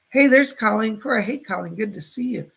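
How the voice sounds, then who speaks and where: Gravelly-voiced man hosting a chatty livestream. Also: high voice, lively intonation, moderate pace, fairly bright tone. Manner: chatty and effusive, greets viewers by name and reads their comments. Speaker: psychic livestream host. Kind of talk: casual live-stream chat.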